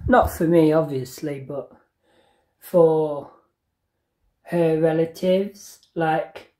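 A woman talking casually to a handheld camera at home in a home vlog, hesitant and full of ums and pauses. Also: fairly low pitch, dark tone. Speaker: vlogger. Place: at home indoors.

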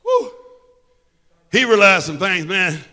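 A man with a Midwestern American accent preaches with fervor, his high, sharply bright voice ringing through a church sanctuary with long reverb. He swings from quiet, intimate asides to full-throated shouting. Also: wildly swooping pitch, slow pace. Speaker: pastor. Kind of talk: sermon.

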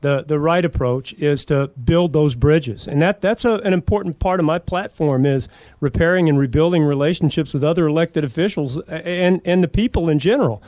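A man's voice: a little high, brisk, a little mellow, dry recording, clean studio sound. A man talking as a sheriff candidate on a radio talk show, speaking earnestly in a campaign style with frequent restarts and fillers.

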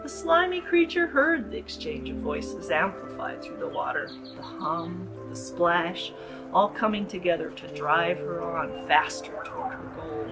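A woman giving an expressive, dramatic reading of her own story at a writers' group. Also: on the low side, a little slow, over music, poor audio. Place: garden art gallery.

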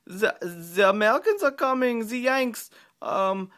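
A man putting on a German accent to voice panicky soldiers, loud and high. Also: lively intonation, a little slow. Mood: excited. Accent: put-on German. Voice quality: high, strained and shouty.

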